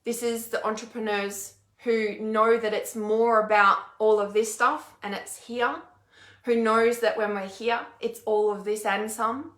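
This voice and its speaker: A woman with a bright, somewhat high voice chats on a live stream, reading comments aloud and ranting bluntly, swearing freely and repeating words for emphasis. The sound carries a roomy echo. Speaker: intuitive healer and mentor hosting a live stream.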